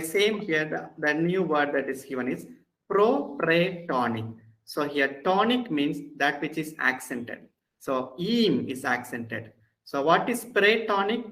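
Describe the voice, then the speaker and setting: His voice sits on the high side with a fairly bright tone, though the recording is rough. This Indian English-accented Bible college Hebrew instructor teaches grammar online, patiently restating the important points so his students feel reassured.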